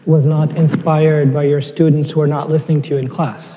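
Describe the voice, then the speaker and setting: A man's voice: on the high side, little pitch movement, a little fast. A man interviewing an author, asking friendly, curious questions in a large mosque hall. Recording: thin phone-like sound in an echoey hall.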